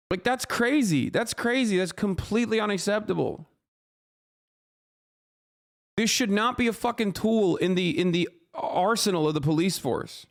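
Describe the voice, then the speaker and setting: Male streamer, raised pitch, profane and fired-up reaction commentary. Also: brisk, creaky, few pauses. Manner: heated, profane ranting; scolds his chat directly. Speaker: livestreamer.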